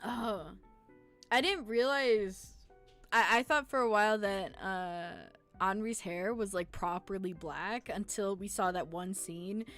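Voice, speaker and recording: A young adult woman streaming a game, chatting casually in an excitable, slangy way and quick to laugh and groan. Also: mid-range voice, faint music behind. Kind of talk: casual live-stream gameplay commentary.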